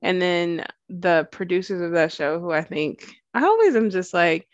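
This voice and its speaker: A woman's voice: fairly low pitch, lively intonation, moderate pace, dry recording, highs cut off. Chatty woman podcast co-host, dry sound. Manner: chatty, laughs often, acts out quotes. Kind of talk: casual chat.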